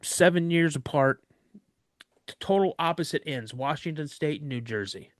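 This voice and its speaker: A man guest on a podcast, telling a story of an encounter in an animated way and acting out other people's voices. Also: a little high, moderate pace, dry recording, studio quality.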